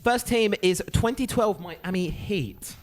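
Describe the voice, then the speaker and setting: A man's voice: high-pitched, slow pace. A man casting an esports stream, joking and bantering in casual commentary on a headset mic in a studio. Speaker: esports caster. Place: studio at an empty esports venue.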